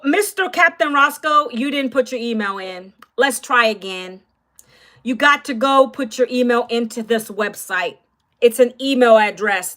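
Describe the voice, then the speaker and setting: Loud, blunt woman in her 50s. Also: a little high. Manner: loud and blunt, close to yelling; scolds chat viewers directly. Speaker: livestream host selling an online program. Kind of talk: live-stream sales talk to chat.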